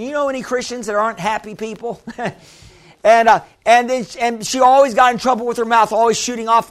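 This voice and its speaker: Very high-voiced man preaching a sermon. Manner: lively and humorous, often asking the congregation "Amen?"; laughs often, restarts phrases.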